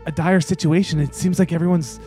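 A man's voice: on the high side, steady tone, brisk, mellow, faint music behind. Bemused male tabletop player. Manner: bemused, describes his character's actions. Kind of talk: in-character tabletop play.

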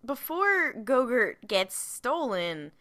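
A woman with a bright, sharp voice chatting with friends about a show. She is excitable and keeps cutting in with quick asides. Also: fairly high pitch. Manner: excitable, jumps in with lively interruptions. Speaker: podcast co-host. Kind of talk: casual fan chat.

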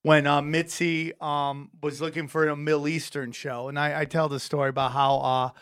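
Comedian guy spinning a wild story, high-pitched, acts out everyone's voices, swears a lot. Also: normal speed, smooth. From California. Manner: animated, profane, acts out voices in his stories. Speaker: comedian guest. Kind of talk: casual storytelling.

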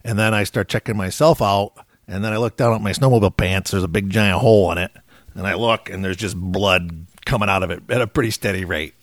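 A man's voice: lowish voice, a little fast, no room sound, clean studio sound. A middle-aged man, a game warden, casually telling a story and acting out what people said. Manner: laid-back storyteller acting out quotes.

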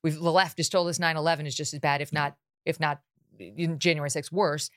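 A woman's voice: sits low, steady tone, a little fast, fairly bright tone. A woman hosting a political talk show, talking with sarcasm and mocking asides. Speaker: host.

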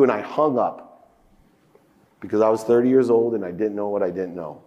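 A man in his fifties giving a motivational keynote speech on a conference stage, telling a personal story with big emotional swings in pitch and loudness. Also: fairly quick, long pauses, dull audio. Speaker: keynote speaker. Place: large conference hall stage. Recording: echoey conference hall.

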